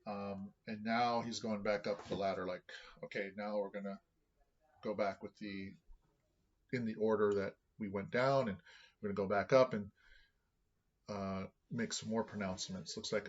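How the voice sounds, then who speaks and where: Low-voiced man reading aloud and musing. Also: steady tone, moderate pace, dull audio. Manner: thinking aloud, with many restarts. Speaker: vlogger reading scripture.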